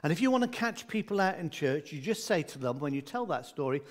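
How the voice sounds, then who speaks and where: A man's voice: on the high side, very animated, a little fast. A man preaching a sermon in a conversational, humorous way, with asides and jokes for his congregation.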